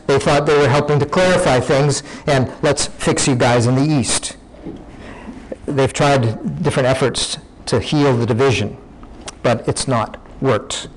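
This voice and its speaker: A man's voice: mid-range voice, slight background noise, rough recording. A man preaching a sermon, teaching in a conversational way, often restarting his sentences.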